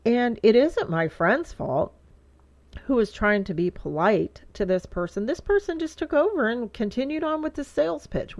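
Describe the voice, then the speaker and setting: A woman's voice: mid-range voice, expressive, normal speed, a little mellow, no echo. A woman hosts her own show and rambles through a casual, exasperated rant. Her talk is emphatic, with the odd restart as she works through her point. The sound is dry and slightly dull, like a lo-fi home recording. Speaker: show host. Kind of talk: casual venting monologue.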